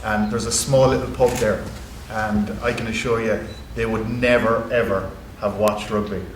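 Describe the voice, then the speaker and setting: A man's voice: fairly low pitch, flat delivery, normal speed. An Irish man speaking on a conference panel as a rugby club executive, talking earnestly with many fillers and restarts. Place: university conference hall. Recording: echoey hall with background noise.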